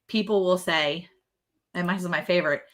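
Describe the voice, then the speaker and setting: A woman's voice: on the low side, normal speed, fairly bright tone. A woman hosting a casual live chat, telling stories and laughing often. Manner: chatty, laughing, storytelling. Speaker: live stream host.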